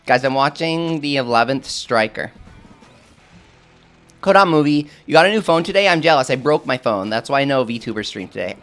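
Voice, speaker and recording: A man's voice: mid-range voice, animated, moderate pace, a bit bright, soft background music. A man streaming a game live, chatting casually with his viewers and answering their questions while he has the hiccups. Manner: chatty, self-deprecating, answers chat questions.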